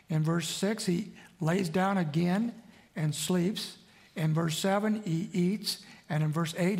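A man's voice: on the high side, creaky. A man preaching a sermon in a conversational way, often asking the congregation for responses. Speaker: pastor.

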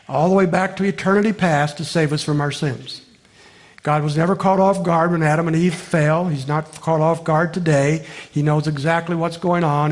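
A male pastor preaching a sermon, emphatic, repeating key phrases, asking rhetorical questions and slowing down to stress his points. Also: fairly high pitch.

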